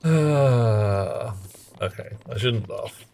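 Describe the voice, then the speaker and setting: Man, lowish voice, wry muttered asides, casual game streaming. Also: measured pace, darkish tone, slight background noise. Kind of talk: casual live gameplay commentary.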